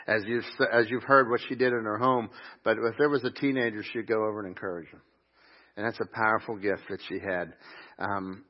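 A middle-aged man, the lead pastor, delivers a funeral eulogy in a low voice, drifting through warm stories with frequent fillers and restarts. The sound carries a long church reverb. The recording is muffled and lo-fi. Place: church sanctuary.

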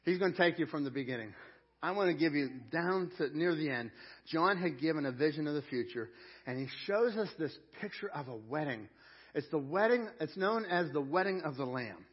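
A male pastor preaching a sermon, repeating key phrases and swinging between loud proclamation and hushed storytelling. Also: on the high side, lively intonation, brisk, breathy edge, muffled recording.

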